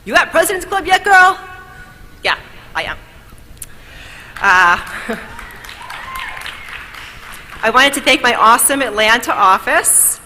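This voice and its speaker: A woman's voice: mid-range voice, pushed and bright. A woman from New York giving an upbeat, grateful speech at an awards event and telling a story along the way. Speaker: award speaker. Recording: long hall reverb, faint noise.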